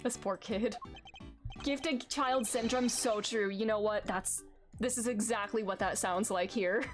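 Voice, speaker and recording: A young woman streaming a game, reading it aloud and making excitable, sarcastic asides. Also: a little high, unhurried. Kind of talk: game playthrough commentary. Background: game music.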